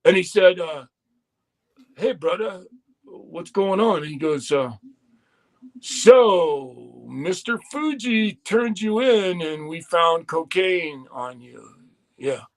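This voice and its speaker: A man's voice: fairly high pitch, very animated, slow. A man telling a long, profane story in casual podcast chat, quoting people as he goes.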